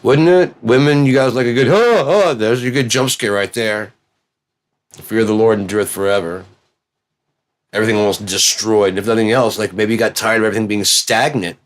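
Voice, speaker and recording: A man in a profane, rambling monologue that swings between low mutters and excited yelling. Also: fairly quick.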